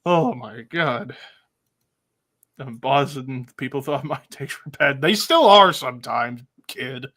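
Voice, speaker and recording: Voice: medium pitch, slow, fairly bright tone. A stream host in casual chat, giddy and laughing a lot.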